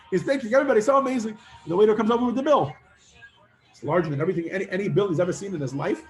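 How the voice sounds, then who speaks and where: A man teaching a class, telling a long parable with lively acted-out voices and casual fillers. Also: sits high, very fast. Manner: animated storyteller, acts out characters with many fillers. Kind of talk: storytelling lesson to students.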